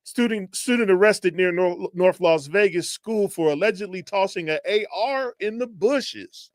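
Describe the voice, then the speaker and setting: Chill slangy guy cohosting a talk show, kinda high voice, dry. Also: measured pace, dry recording. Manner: laid-back, slangy. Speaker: co-host. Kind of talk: casual chat.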